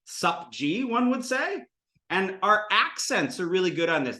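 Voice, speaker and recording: A man in his thirties giving a lively, digressive classroom lecture on Sanskrit, acting out voices for his examples. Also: a little high, echoey room. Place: classroom with students.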